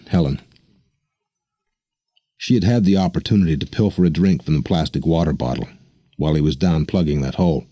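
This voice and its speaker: A man narrating an audiobook in a steady, measured reading on a close microphone. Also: extremely low pitch, slightly rough, dry recording.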